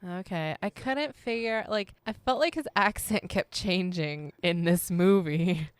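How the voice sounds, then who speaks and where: Podcast co-host: a young woman, low-set smooth voice, giggly and casual, dry close sound. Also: unhurried, no echo. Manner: giggly, uses "like" a lot. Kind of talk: casual chat about a film.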